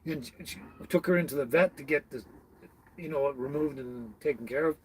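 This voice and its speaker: A man's voice: mid-range voice, brisk, a little hiss or hum, rough recording. A middle-aged man hosting a casual live stream, chatting with viewers by name in a rambling way and laughing often. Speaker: livestream host.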